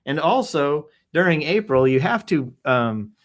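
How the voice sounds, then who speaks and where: Man, livestream host, casual joking tone, hums little sound effects, clears throat a lot. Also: a little high, very animated, unhurried. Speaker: livestream host reading news and posts. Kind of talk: casual live-stream commentary. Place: at home in Texas.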